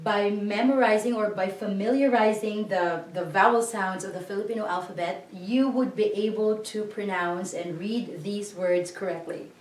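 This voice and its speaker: A woman teaching a language lesson, slowly and patiently breaking words into syllables and asking learners to repeat. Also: medium pitch, fairly even intonation, darkish tone. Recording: echoey room, voice a bit far from the mic.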